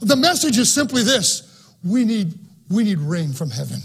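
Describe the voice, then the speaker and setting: A man's voice: sits high, big pitch swings, normal speed, gravelly, slightly rough. A man preaching a sermon, reading scripture aloud and then preaching on it with rising fervor.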